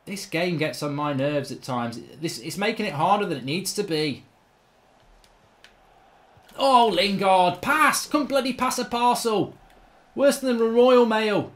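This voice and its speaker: A man with a rather high voice narrates his gameplay as a channel host. He rants in exasperation and swears freely. He grumbles under his breath one moment and yells in disbelief the next. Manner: exasperated ranting, frequent swearing, swings from mutters to shouts. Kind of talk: live gameplay commentary.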